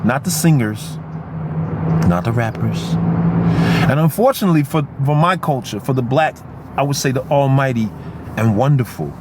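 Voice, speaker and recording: Animated middle-aged man on a noisy street. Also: mid-range voice, normal speed, long pauses. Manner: animated, emphatic, slangy. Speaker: actor. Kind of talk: casual street vlog rant. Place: outdoors on a street near traffic. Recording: noisy street recording with traffic.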